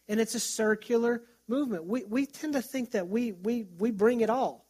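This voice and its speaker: A man's voice: high voice, a little fast, hardly any pauses, a little mellow. A middle-aged man, a pastor, preaching in a conversational way and telling stories, with frequent restarts. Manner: conversational, storytelling with self-restarts. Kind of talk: sermon.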